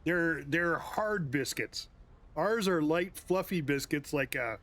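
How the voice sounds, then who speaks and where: A man's voice: a little high, slow, fairly bright tone. A man from the United States, a game streamer casually chatting and reacting to his viewers' comments with chuckles and asides. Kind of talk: casual chat with live viewers.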